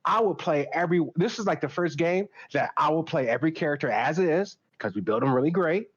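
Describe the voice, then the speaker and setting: A man in casual chat as a podcast co-host, excitable and swearing freely, laughing often as he talks about a tabletop game. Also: a little high, a little fast, slightly rough, highs cut off.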